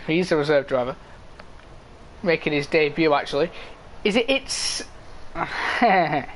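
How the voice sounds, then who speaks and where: A man's voice: fairly high pitch, a bit bright, a little hiss or hum. A man commentating live on an online racing league, casually reading standings and chatting with viewers. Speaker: esports race commentator.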